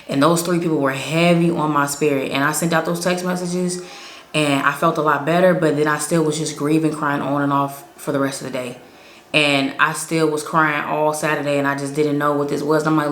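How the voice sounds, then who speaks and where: A woman's voice: sits low, level tone, fairly quick, fairly bright tone. A woman giving a casual, emotional spoken testimony as a prophetic vlogger, earnest and rambling with many fillers. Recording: echoey room.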